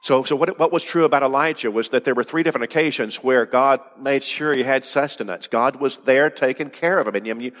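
A man's voice: mid-range voice, fairly bright tone. Man preaching a sermon, earnest, repeats himself, drops to near whisper, big hall reverb. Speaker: pastor.

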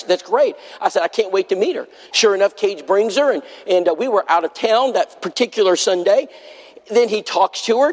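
A man preaching a sermon, pleading with the congregation and telling a story full of quoted dialogue. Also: sits high. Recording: long hall reverb.

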